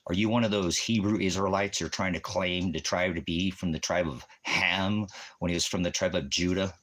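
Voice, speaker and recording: A man's voice: a bass voice, a bit bright. A man preaching on a livestream, ranting and mocking commenters in a combative, profane way.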